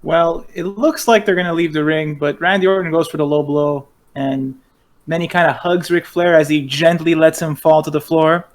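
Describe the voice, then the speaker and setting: A man co-hosting a podcast in a casual, chatty way. He walks through events step by step and adds wry asides. His voice is a little higher than most men's. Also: steady tone, moderate pace. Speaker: podcast co-host. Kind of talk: casual recap chat.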